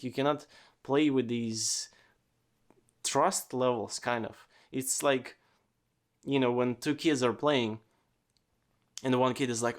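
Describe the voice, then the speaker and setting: A man hosting a casual solo podcast, rambling with lots of fillers and swearing freely. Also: medium pitch. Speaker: podcast host.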